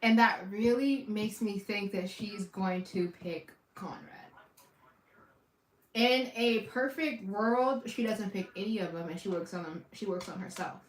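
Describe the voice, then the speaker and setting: A woman hosting a watch party, giving casual reaction commentary and repeating phrases between loud outbursts and quiet asides. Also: mid-range voice, normal speed, few pauses. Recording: echoey room, far from the mic.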